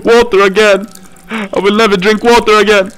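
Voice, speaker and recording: Panicky high-voiced young man screaming. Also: little pitch movement, moderate pace, a bit bright. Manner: panicky, swears and screams often. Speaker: gaming YouTuber. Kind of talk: horror game playthrough commentary.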